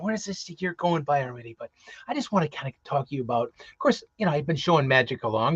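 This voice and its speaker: A man's voice: on the high side, a bit bright, dry recording. Earnest rambling man, dull dry sound. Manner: earnest, rambling with repeated restarts. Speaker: co-host, Santa performer and magician. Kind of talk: casual live-stream talk.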